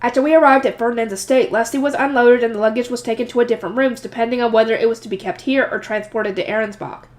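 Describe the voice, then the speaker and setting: A woman's voice: a little high, steady tone, quick pace, hardly any pauses. A woman with a nasal voice reading a novel aloud and breaking in with casual chatty reactions. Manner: chatty, reacts to the story between passages. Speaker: audiobook reader, channel host.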